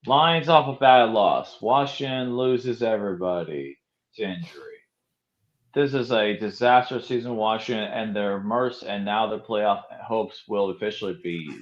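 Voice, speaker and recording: A lower-voiced man speaks with brash confidence about his football picks. His audio is dull and lo-fi. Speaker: panelist. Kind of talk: casual sports chat.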